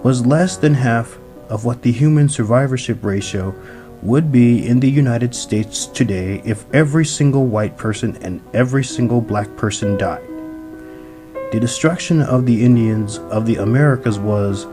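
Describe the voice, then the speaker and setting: A man reading scripted documentary narration in a grave, measured way. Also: medium pitch. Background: music.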